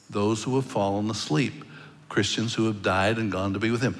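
A man's voice: fairly low pitch, moderate pace. A man preaching a sermon, telling stories in a conversational way with occasional stammered restarts. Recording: long reverb of a large hall.

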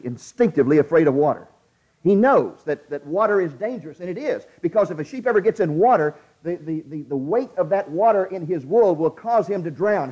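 A man preaching a sermon, emphatic and repetitive, slowing down to quote scripture. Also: on the high side, darkish tone. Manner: emphatic, repeats lines, slows down for scripture. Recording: slightly dull, lo-fi sound.

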